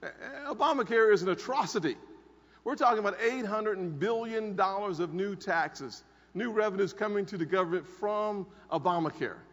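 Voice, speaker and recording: At a moderate pace and in a high, fairly bright voice, a man in his forties speaks emphatically at a podium microphone in a large conference hall. He tells a personal story and repeats key lines, and the audio is dull with a long hall reverb.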